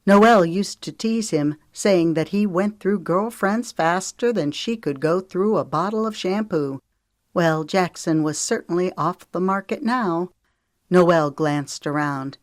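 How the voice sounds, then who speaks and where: A woman narrating an audiobook in a calm, measured storytelling manner. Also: fairly low pitch, dry recording, studio quality. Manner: calm, measured storytelling with lifted voices for dialogue. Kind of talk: scripted narration.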